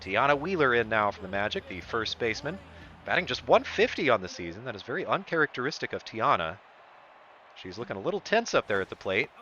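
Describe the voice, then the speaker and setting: A man's voice: medium pitch, big pitch swings, fast, sharp tone, muffled recording, slight background noise. A man streaming a baseball video game, commentating it like a broadcaster whose voice jumps up on big plays. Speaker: streamer doing play-by-play. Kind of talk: sports-style play-by-play commentary of a video game.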